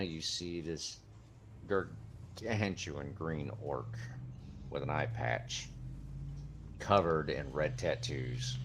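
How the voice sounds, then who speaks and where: A man narrating a tabletop game as game master in a relaxed way. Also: extremely low pitch, slow pace, long pauses, slight background noise.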